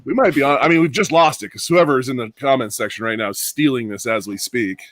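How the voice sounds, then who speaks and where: A man's voice: medium pitch, a bit bright, no room sound. A man hosting a casual podcast, telling stories in a chatty way and laughing easily. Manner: chatty storyteller, quick to laugh. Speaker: podcast host. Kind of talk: casual chat.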